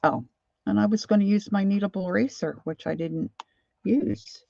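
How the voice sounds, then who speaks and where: A middle-aged woman chatting casually and self-deprecatingly while she draws, halting with fillers as she works. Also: mid-range voice, very animated, creaky, warm tone, no room sound, lo-fi sound. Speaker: art journaling vlogger. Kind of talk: casual live drawing chat.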